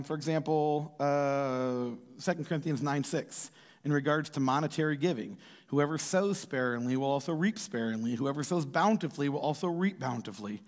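A man preaching a casual sermon in a lively way, acting out quotes in different voices. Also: mid-range voice. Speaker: pastor. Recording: reverberant hall.

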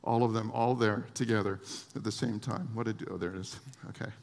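A man preaching a lively sermon to his congregation, with laughs and asides. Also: lowish voice, a little fast, vocal fry, long reverb tail. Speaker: pastor.

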